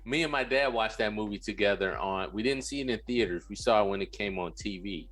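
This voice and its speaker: A man's voice: fairly low pitch, fairly quick, fairly bright tone. A man co-hosting a podcast, chatting casually and stating his opinions emphatically. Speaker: podcast co-host. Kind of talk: casual chat.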